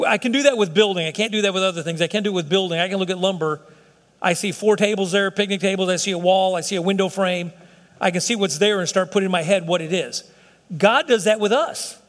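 High-voiced man preaching in a reverberant church. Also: a bit bright. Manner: emphatic, conversational preaching with acted-out quotes. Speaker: pastor. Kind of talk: sermon. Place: church sanctuary. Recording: long reverb of a hall.

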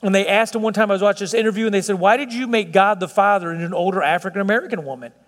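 A man with a high voice delivers a sermon, lingering on words for weight and lifting his voice as he presses a point. His voice rings out with the long reverb of a large hall. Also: a bit bright. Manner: preaching with slowed, stretched emphasis and rising intensity. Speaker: pastor.

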